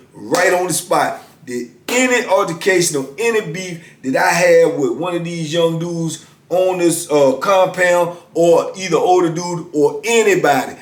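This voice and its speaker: A middle-aged man telling a story in a loose, conversational way and often checking in with his listener. His voice sits a little higher than most men's. He is recorded in an echoey room. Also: a little hiss or hum. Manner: conversational, often asks "you know what I'm saying". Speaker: vlogger telling prison stories. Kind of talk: casual storytelling.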